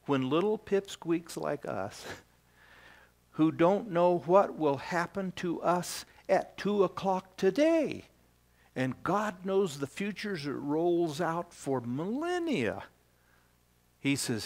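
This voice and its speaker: Slow-speaking older male pastor. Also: sits high, very animated. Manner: slow, storytelling preacher with pauses. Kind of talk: sermon. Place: church.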